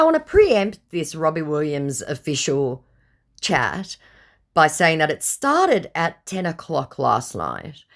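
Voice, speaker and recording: In a low, creaky voice, a tired vlogger casually tells the camera about her scam-bait chats. The heat has worn her out, and she comes across as blunt, sarcastic, and exasperated.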